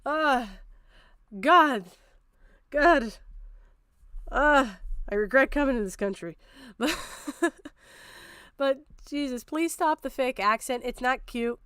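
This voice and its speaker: A woman streamer tears into a video in a blunt, swearing rant. Her voice sits a bit high and comes through smooth and clear. The recording is close and dry. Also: animated, slow pace, long pauses, fairly bright tone, dry recording. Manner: blunt, swearing, ranting, mocking impressions. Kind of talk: profane livestream commentary.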